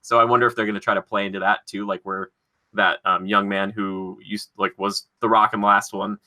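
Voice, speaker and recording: Bright-voiced man in casual podcast chat. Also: lowish voice, level tone. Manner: rambling, filler-heavy, quick to laugh. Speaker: podcast co-host.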